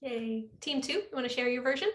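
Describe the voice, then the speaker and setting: Higher-pitched woman instructor, upbeat, encouraging, video call. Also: fairly quick. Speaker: workshop instructor. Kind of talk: leading an online class.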